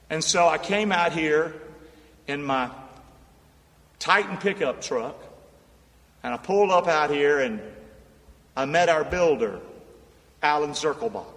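A man preaching a sermon as pastor, calling on the crowd to repeat his lines and moving between quiet storytelling and shouted peaks. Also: a little high. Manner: calls on the crowd to repeat after him, swings from hushed storytelling to shouting. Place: large unfinished church building. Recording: echoey hall, voice from far off.

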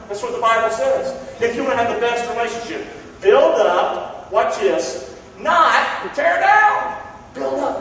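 Pastor, male, high voice, folksy, emphatic sermon delivery, recorded from a distance in a long-reverb hall. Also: fairly bright tone, slight background noise. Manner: folksy, joking, calls on the congregation to answer; emphatic, slows down to stress key words. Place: church sanctuary. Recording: echoey hall, distant dull mic.

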